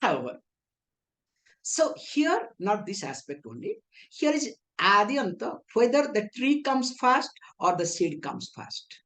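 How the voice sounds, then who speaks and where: A woman's voice: mid-range voice, sing-song, unhurried. A woman teaching scripture, often asking rhetorical questions and answering them herself, with playful teasing asides. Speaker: spiritual teacher. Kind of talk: scripture lecture in English.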